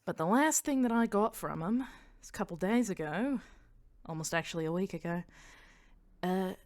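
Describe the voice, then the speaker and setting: A woman's voice: on the low side, lively intonation, normal speed, a little mellow, close to an everyday voice. A woman voicing a brash, foul-mouthed woman pirate captain with a put-on Australian accent, crude and offhand. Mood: confiding.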